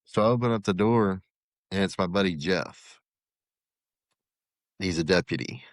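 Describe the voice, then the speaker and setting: Speaking low and a little slowly, a middle-aged man who once worked as a corrections officer recounts a story on a podcast, animatedly voicing the quoted exchanges. The audio is studio quality with no room sound.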